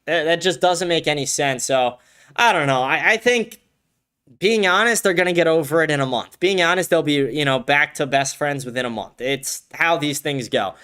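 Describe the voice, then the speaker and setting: Young male streamer, slightly high voice, blunt and profane, ranting with sudden excited outbursts. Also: normal speed, clear, resonant tone. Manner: animated, bursts of excited shouting. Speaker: livestream show host. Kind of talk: casual livestream commentary. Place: home, with a dog nearby.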